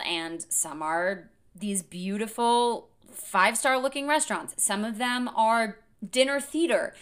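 A woman's voice: medium pitch, fairly bright tone. A woman in her thirties talking through a casual, enthusiastic podcast monologue, with a lot of filler words. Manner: chatty, enthusiastic, many fillers. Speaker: podcast host.

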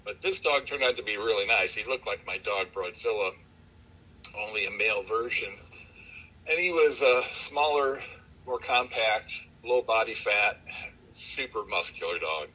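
A man who breeds dogs, talking as an interview guest in a relaxed, rambling way, with plenty of fillers and restarts. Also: fairly low pitch, measured pace, poor audio. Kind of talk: casual storytelling in an interview.

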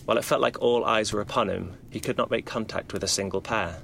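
A man's voice: lowish voice, quick pace, creaky, fairly bright tone, slight background noise. A man telling a spooky holiday story with dramatic, rhythmic narration. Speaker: podcast storyteller.

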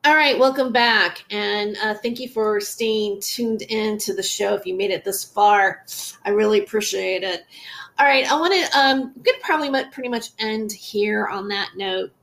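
Hesitant podcast host woman, creaky voice. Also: medium pitch, normal speed, fairly bright tone. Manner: hesitant, many fillers. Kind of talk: casual commentary.

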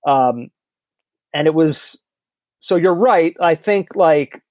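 A man's voice: a little high, slow pace, a little mellow, no room sound. Candid rambling man, dry close sound. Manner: candid, rambling, self-deprecating. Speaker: podcast co-host. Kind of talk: casual chat.

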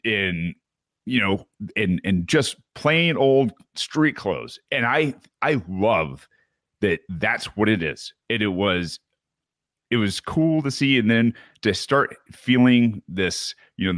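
Podcast host, male, from Michigan: deep voice, dry close sound, loose rambling recap. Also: a bit bright, dry recording. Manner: candid, rambling storytelling. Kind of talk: casual solo recap.

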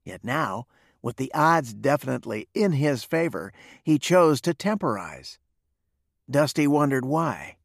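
Gravelly man reading a western. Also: medium pitch, big pitch swings, unhurried, no room sound, clean studio sound. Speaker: narrator. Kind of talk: reading a western novel aloud.

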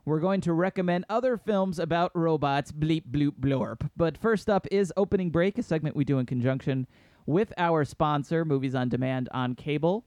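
A man's voice: fairly high pitch, moderate pace, a little mellow, no echo. Jokey man hosting a film podcast. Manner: jokey, self-mocking banter. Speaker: podcast co-host. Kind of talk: casual film review chat. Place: New York City studio.

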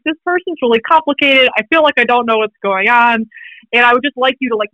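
A woman, a critical care pharmacist, explains clinical topics in an interview, brisk and peppered with wry jokes. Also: fairly high pitch, no room sound, highs cut off. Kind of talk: teaching interview talk.

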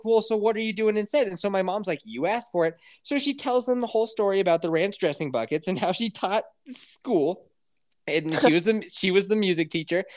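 A woman telling a rambling family story in casual chat, swearing and laughing as she acts out the people in it. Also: low-pitched. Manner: profane, laughing storyteller who acts out quotes.

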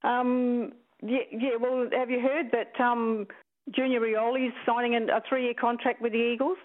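A woman's voice: a little high, flat delivery, a little slow. A woman calling in to a radio show as a regular caller, chatty and hesitant, with many fillers. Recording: phone line.

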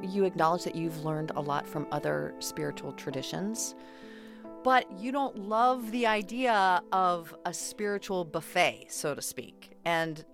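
A woman interviewing a guest on public radio, relaxed and conversational with playful asides. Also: lowish voice, measured pace, over music. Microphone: studio microphone.

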